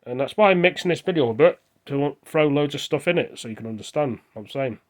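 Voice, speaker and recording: A man's voice: mid-range voice, animated, fast talker. An English man rambling to camera on a phone, hopping from one topic to the next. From England. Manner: rambling, hops between topics. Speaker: vlogger. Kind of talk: casual monologue to camera.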